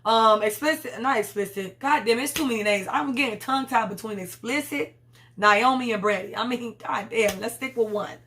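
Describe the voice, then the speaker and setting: A woman's voice: a little high, normal speed, a bit bright. A young woman casually recapping a TV episode in a chatty, slangy way, often acting out the characters' lines. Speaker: TV episode reviewer.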